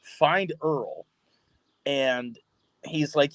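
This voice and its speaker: A man in a podcast studio tells a story with lots of laughter and freely swears. His voice sits a bit high, and the sound is close and dry. He talks casually, like he is chatting with friends. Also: expressive, extremely slow, long pauses, no room sound. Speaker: podcast guest, pro wrestler.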